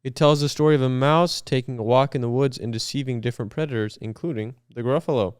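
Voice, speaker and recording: A man's voice: mid-range voice, quick pace, a little mellow, clean tone, no room sound, studio quality. A man co-hosting a podcast in casual chat, laid-back and dryly teasing. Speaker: podcast co-host.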